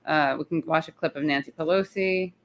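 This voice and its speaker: A woman with a low voice hosts a casual live chat. She sounds tired and rambles, circling back and breaking off her own sentences as she thinks aloud. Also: fairly quick, muffled recording. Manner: chatty, rambling, self-interrupting. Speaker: show host. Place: in the city, not her usual spot.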